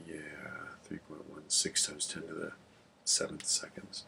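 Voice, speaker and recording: A man's voice: extremely low pitch, completely flat delivery, unhurried, gravelly, pushed and bright, slight background noise. A male instructor giving an informal classroom lecture. He rambles, mutters calculations half-whispered under his breath, and tells corny jokes between topics.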